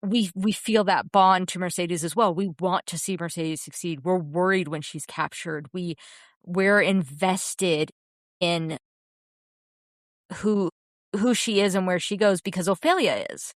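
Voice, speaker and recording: A woman's voice: lowish voice, a little slow, dry recording, clean studio sound. A woman co-hosting a podcast, talking enthusiastically and earnestly about a film she loves, often restarting her sentences. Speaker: podcast co-host. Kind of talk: casual film discussion.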